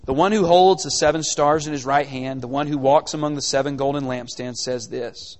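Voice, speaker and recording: A man preaching a sermon in a conversational, animated way, full of rhetorical questions. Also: mid-range voice, normal speed, few pauses, in a large hall.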